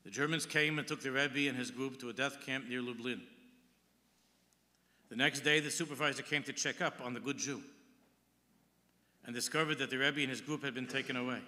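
A man's voice: medium pitch, sharp tone. A man giving a sermon as a rabbi, telling a story and quoting Hebrew texts with English translation. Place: large synagogue hall. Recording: long hall reverb.

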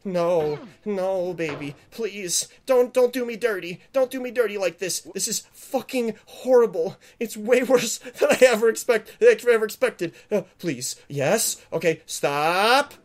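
A man playing a video game and commenting, panicky and swearing, pleading with the game and yelling when he fails. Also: high-pitched, lively intonation, measured pace, few pauses. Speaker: gamer. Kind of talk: let's play commentary.

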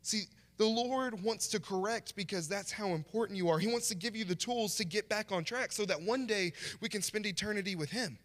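A man's voice: high voice, fairly quick, hardly any pauses, fairly bright tone. A man preaching a conversational sermon as a guest pastor in a church. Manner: conversational, acts out short quoted voices. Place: church sanctuary. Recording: long church hall reverb.

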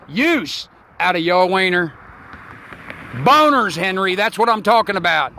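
A man in his sixties giving a rambling, preachy folksy monologue outdoors, with loud bursts. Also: high voice, lively intonation, measured pace, pauses often, a little hiss or hum. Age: 60s. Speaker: online talk show host.

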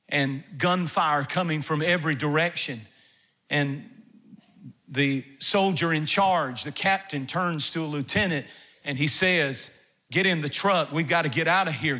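A man preaching a sermon in church as pastor, emphatic and repetitive, with bursts of shouting. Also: a little high. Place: church sanctuary.

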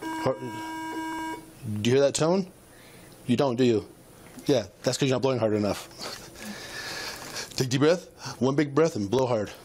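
A police officer calmly drills short, repeated commands, coaching a driver through a breath test. His middle-pitched voice stays even and patient. Body-camera audio carries steady noise throughout. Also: normal speed, long pauses. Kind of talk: giving breath-test instructions.

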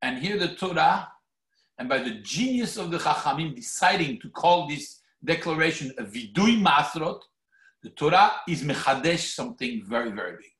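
A rabbi preaching in a synagogue hall, his voice high and swinging widely as he acts out quotes. His tone is bright and carries a roomy echo. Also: moderate pace. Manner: animated, theatrical preaching with mock quotes. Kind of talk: sermon. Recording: echoey hall.

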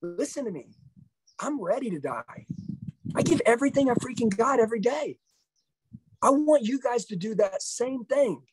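A man's voice: very high-pitched, expressive, normal speed, pauses often, husky, dry recording, low-quality recording. A middle-aged man giving a live motivational sales training, intense, confrontational and profane.

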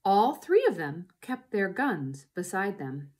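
Give me a woman narrating a children's story with a lively, animated voice. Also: mid-range voice, slow. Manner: expressive, lively reading. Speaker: reader. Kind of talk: reading a children's book aloud.

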